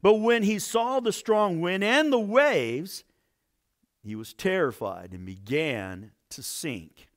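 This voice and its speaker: A man pastor preaching a sermon, reading scripture dramatically with acted-out quotes and dropping to quiet low asides between loud points. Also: lively intonation, slow pace.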